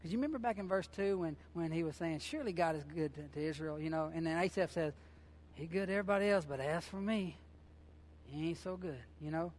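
Man, pastor, sermon, high pitch, impassioned, colloquial, repeats himself. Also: fast, darkish tone, slight background noise. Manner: impassioned, conversational preaching with repeated phrases; colloquial, informal grammar.

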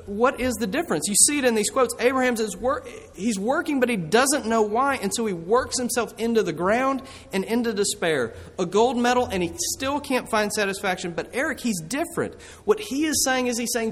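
High-voiced man preaching in a reverberant hall. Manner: earnest preaching with slowed emphatic phrases. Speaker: pastor. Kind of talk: sermon.

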